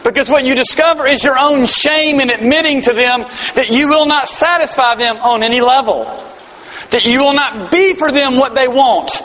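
A man's voice: very high voice, moderate pace, sharp tone. A man preaching a sermon to a live audience, earnest and emphatic, with self-deprecating humor. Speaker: pastor. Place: large hall before a live audience. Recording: dull hall-echo live recording.

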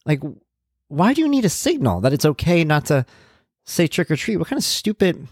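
A middle-aged man hosting a podcast, telling stories about his son in a casual, animated way and getting worked up as he talks. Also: fairly high pitch, moderate pace, no echo, clean studio sound. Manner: animated storytelling, gets worked up, acts out quotes. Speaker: podcast host, parent of an autistic son.

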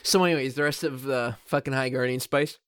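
A man's voice: medium pitch, steady tone, fairly quick, fairly bright tone, smooth, dry recording, clean studio sound. A man co-hosting a podcast, quizzing his partner and playing mock-outraged. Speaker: podcast co-host. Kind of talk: casual comedic banter.

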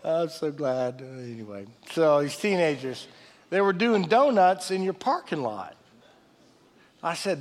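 Middle-aged guy preaching, chatty storyteller, kinda high voice, big echoey church hall. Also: animated, moderate pace. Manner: conversational storytelling with laughs and sudden loud bursts. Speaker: pastor. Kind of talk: sermon. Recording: long reverb of a large hall.

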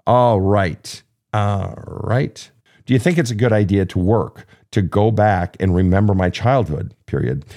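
Blunt, profane man with a low voice. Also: measured pace. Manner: animated, acting out emotional outbursts. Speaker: podcast host. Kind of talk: live-streamed advice talk answering listener questions.

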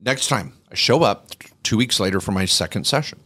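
A man's voice: fairly low pitch, brisk. A man co-hosting a podcast, telling a story in a casual, jokey way and acting out the people in it. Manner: animated, jokey storyteller who acts out quoted people. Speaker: podcast co-host.

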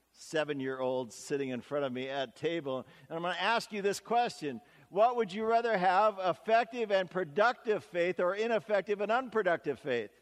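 A man's voice: a little high, long reverb tail. A man preaching a sermon as pastor, talking in a conversational, folksy way with stories and asides.

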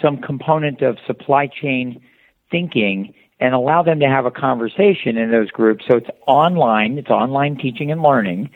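A man's voice: medium pitch, normal speed. Male guest explaining over a phone line. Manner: explanatory, restarts often, uses examples. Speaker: guest, company founder. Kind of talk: interview answers. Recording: tinny phone line, dry.

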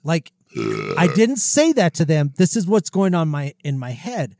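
Podcast co-host, male, slightly high voice, blunt and profane, dry booth sound. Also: sing-song, measured pace, a little mellow, no echo. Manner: blunt, swears freely, jokes about himself. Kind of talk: casual chat. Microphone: close podcast mic, breathes into it.

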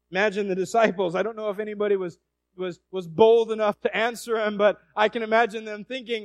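A man preaching a sermon in a high, light voice. He tells the story dramatically and swings from loud passages to hushed ones. The sound is close and dry, with no room echo. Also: little pitch movement, fast.

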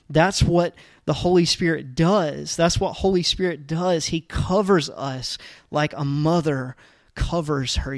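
A man preaching a sermon as a pastor, talking casually with lots of fillers and restarts, and getting animated when he tells stories. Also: fairly high pitch, dry recording, studio quality. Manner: conversational, rambling with fillers and restarts; animated storytelling with rising energy.

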